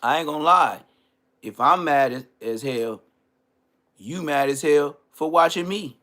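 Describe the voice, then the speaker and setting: Animated man ranting on a livestream. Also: on the high side, measured pace. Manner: animated, stammering restarts, frequent throat clearing. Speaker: livestream host. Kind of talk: casual comedic livestream rant.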